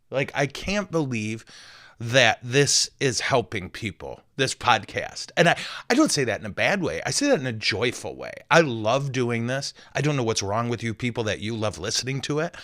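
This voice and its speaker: A man's voice: medium pitch, fairly bright tone, no room sound, clean studio sound. A man, a Catholic priest, hosting a podcast in a casual, joking, rambling way with self-deprecating asides.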